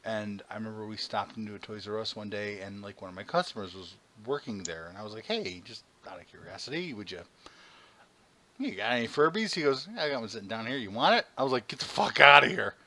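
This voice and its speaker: A man co-hosting a podcast, telling animated, profane stories in casual chat. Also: lowish voice, fast. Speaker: podcast co-host.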